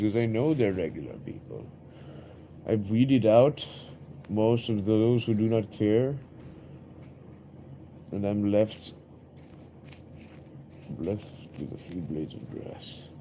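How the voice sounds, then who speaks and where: A man's voice: on the low side, takes it slowly, long pauses, dark tone, a little hiss or hum. A young man streaming live, rambling and musing aloud in an introspective way, often repeating himself.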